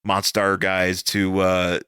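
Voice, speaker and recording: Man, podcast co-host, casual rambling chat, jokey, bright forceful tone. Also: low-pitched, monotone, slow, smooth, no room sound, clean studio sound. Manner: rambling, jokey, filler-heavy, swears freely. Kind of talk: casual comic-book discussion.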